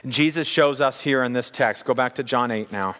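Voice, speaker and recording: A man's voice: medium pitch, moderate pace, bright, forceful tone. Earnest male preacher in a reverberant hall. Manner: earnest, building to emphatic repetition. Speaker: pastor. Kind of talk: sermon.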